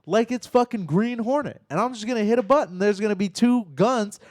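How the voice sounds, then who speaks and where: A man co-hosting a casual live chat, telling stories in a profane, animated way. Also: high voice, brisk, no room sound, studio quality. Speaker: podcast co-host.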